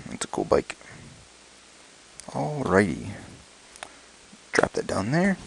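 Gravelly man murmuring an excited unboxing. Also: lowish voice, slight background noise, rough recording. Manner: talks quietly, excited murmurs and whispers. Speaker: motorcycle vlogger. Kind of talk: casual unboxing vlog. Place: home at night, child sleeping nearby.

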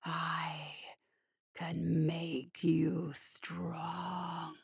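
A growling ancient ice spirit, speaking very slowly in a deep, drawn-out voice that sinks into menacing whispers. The creature tempts and threatens in a storybook reading, its words stretched and low. The sound is close and dry. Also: female voice, monotone, vocal fry, breathy edge, dry recording, heavily acted. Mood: whispered menace. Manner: slow, low, often whispered.

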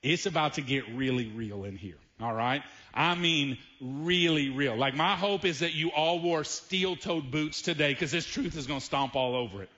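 A pastor with a Southern US accent preaching a sermon in a church, speaking emphatically and slowing down to stress key phrases. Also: male voice, fairly high pitch, bright, forceful tone, lo-fi sound. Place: church sanctuary.

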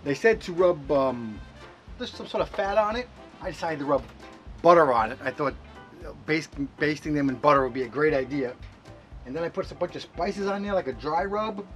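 Man, casual home cooking vlog, slightly high voice, rambling chatty delivery, faint music under it. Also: expressive, fairly quick. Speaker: co-host cooking on camera. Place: home kitchen and grill.

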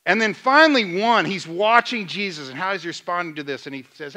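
A man preaching a sermon as pastor, asking the congregation questions and retelling scenes in lively dialogue. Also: sits high, a little fast, few pauses. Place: church sanctuary.

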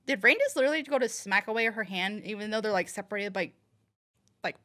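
A woman's voice: medium pitch, animated, fast talker, pushed and bright. A woman chatting casually as she reacts to a cartoon episode, rambling with fillers and restarts. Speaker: reaction video host. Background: show audio with music.

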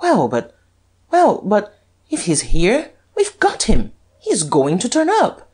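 Reader doing bored aristocrat duke, airy and high-pitched, audiobook. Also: male voice, very animated, normal speed, a little mellow, husky, heavily acted. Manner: airy, drawling, easily surprised. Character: Duke, careless young aristocrat, lightly mocking.

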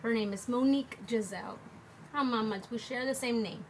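A woman's voice: a little high, normal speed. A woman casually walking through a makeup tutorial at home, rambling with lots of fillers. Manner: relaxed, rambling, with many fillers. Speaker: makeup vlogger. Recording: noticeable background noise.

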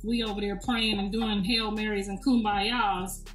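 A middle-aged woman hosts a casual livestream chat in a medium-pitched, flat voice, speaking a little slowly. She's blunt and profane and laughs often, recorded in an echoey room on a distant mic with faint music.

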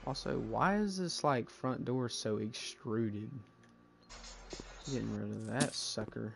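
A young man gives loose, banter-filled commentary as he plays through a game, tossing out slang and jokes. His voice sits at an ordinary middle pitch. There is a faint hiss of noise under it. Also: slow pace, creaky. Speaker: gameplay host. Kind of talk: casual let's-play commentary.

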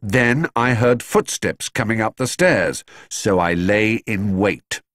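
A man's voice: on the low side, takes it slowly, fairly bright tone, no room sound, clean studio sound. A man voicing a polite, earnest young bear who patiently explains himself in a storybook reading. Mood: explaining.

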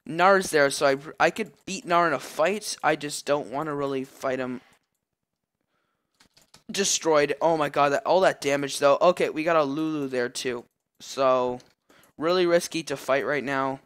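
A young man talks through his own match in a slightly high voice, rambling with fillers between plays. He gets loud and excited when the action heats up. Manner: excitable, yelling at big plays, many fillers. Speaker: gameplay commentator. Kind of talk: live gameplay commentary.

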